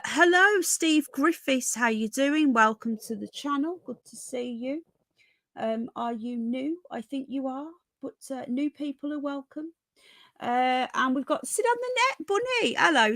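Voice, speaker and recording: A woman's voice: high voice, expressive, normal speed, a bit bright, no room sound. A woman hosting a casual livestream from home, chatting and greeting viewers with endearments like darling and sweetheart. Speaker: livestream host.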